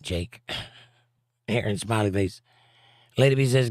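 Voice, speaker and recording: With long pauses and a slow delivery, a medium-pitched man from the southern United States reads viewer comments on his casual livestream. His humor is dry and sarcastic, delivered in drawling asides, and there's no room sound.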